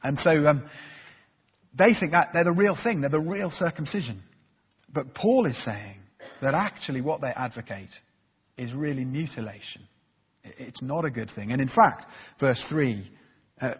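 Husky preacher in a reverberant hall. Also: male voice, mid-range voice, expressive, normal speed. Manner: earnest, conversational, frequent ums and uhs. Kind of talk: sermon. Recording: dull recording in a reverberant hall.

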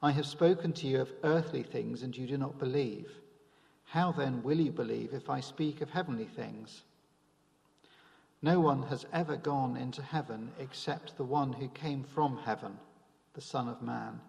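A man reading a Bible passage aloud in church in a measured, formal way. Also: mid-range voice, vocal fry, a little mellow. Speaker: scripture reader. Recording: church hall with long reverb.

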